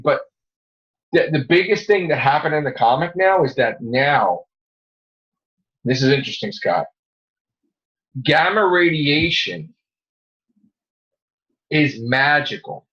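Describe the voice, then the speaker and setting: A man hosting a casual podcast, rambling excitedly about comic books and swearing freely as he retells scenes. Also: a little high, unhurried, pauses often. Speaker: podcast host. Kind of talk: casual comic book chat. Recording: dull lo-fi recording.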